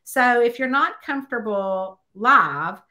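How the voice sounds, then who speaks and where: A middle-aged woman in casual conversation, her voice bright and pitched a little high. She tells anecdotes with animated, acted-out quotes and many fillers. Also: takes it slowly. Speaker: mystery author, host. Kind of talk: casual chat.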